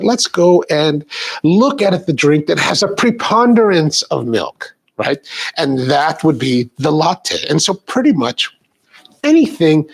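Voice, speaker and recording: A man's voice: a little high, creaky, slightly rough. Stuffed-up man hosting a coffee stream. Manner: chatty, talks straight to viewers. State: stuffed-up sinuses. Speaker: coffee show host. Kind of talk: casual live-stream chat.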